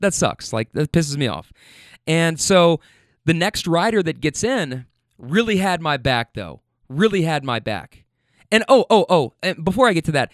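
A man who drives for a rideshare app tells viewers about his riders in a casual, animated way, repeating himself and swearing freely. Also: fairly high pitch, no room sound, clean studio sound.

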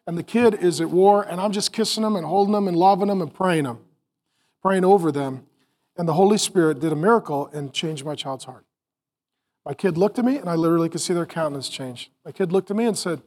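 High-voiced male pastor preaching. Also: brisk. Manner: animated, acts out family scenes, drops to soft calm voice. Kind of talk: sermon.

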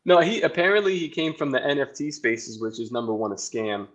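A man's voice: medium pitch, animated, fairly quick, lo-fi sound. A man chatting casually on a podcast, rambling and swearing, often breaking into laughter.

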